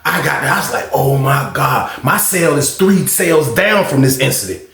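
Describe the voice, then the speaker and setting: A man telling a story, lively, acting out quotes with sudden shouts. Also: fairly high pitch, moderate pace. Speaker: storytime host. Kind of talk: animated storytelling. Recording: echoey room.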